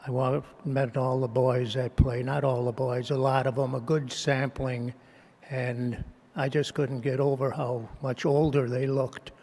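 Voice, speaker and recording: An older man with laryngitis speaks slowly and haltingly, his voice hoarse and gravelly. He restarts sentences often and sounds emotional. The speech rings out in a long-echoing banquet hall with faint room noise behind it. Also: medium pitch, level tone, darkish tone. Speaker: hall of fame inductee giving acceptance speech.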